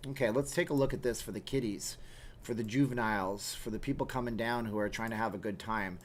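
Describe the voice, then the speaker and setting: A man hosting a casual livestream from home, reading viewer comments aloud and answering them with wry, joking asides. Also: medium pitch. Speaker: livestream host.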